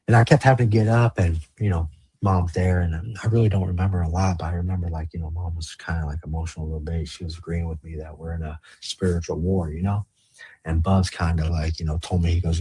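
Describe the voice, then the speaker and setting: Deep husky guy from california telling his story on a podcast, cusses a lot, acts out what people said. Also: quick pace, warm tone. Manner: blunt and profane, retells past talks in quoted lines. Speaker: podcast guest. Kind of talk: candid storytelling in a podcast interview.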